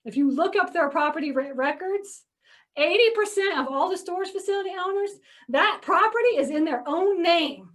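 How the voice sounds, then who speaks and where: A real estate investor from Georgia, US, with a very high, expressive, somewhat bright voice at normal speed, shares a casual story at a meeting about buying storage facilities. She's chatty, leans on "like" and "okay?", and acts out her phone calls, all recorded far from the mic.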